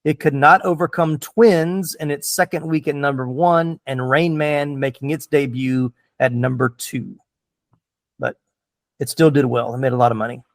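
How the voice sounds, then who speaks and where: A man's voice: a little high, fairly even intonation, moderate pace, dry recording, studio quality. A man hosting a casual movie podcast, chatting with enthusiasm and plenty of fillers. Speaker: podcast host.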